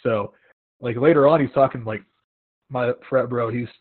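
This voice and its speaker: A young man hosting a casual chat, telling animated stories and acting out what people said. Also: mid-range voice, moderate pace, no room sound. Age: young adult. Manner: animated storytelling with acted-out quotes. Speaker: podcast host. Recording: tinny phone-like line, dry.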